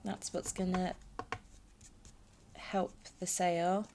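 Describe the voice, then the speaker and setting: Slow, gravelly-voiced woman crafter. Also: on the low side, level tone, mellow, a little hiss or hum. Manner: hesitant, many ums while working. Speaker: craft tutorial host. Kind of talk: hands-on craft demonstration. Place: home craft space.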